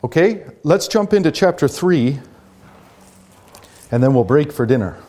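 A man's voice: fairly high pitch, animated, measured pace, mellow. A man leading a Bible study class, explaining scripture conversationally and asking rhetorical questions.

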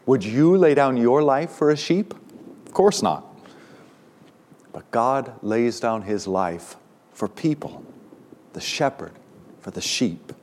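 A man's voice: mid-range voice, lively intonation, takes it slowly, long pauses, a little mellow, slight background noise. Emphatic male pastor preaching a sermon. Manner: emphatic, rising sharply on key words.

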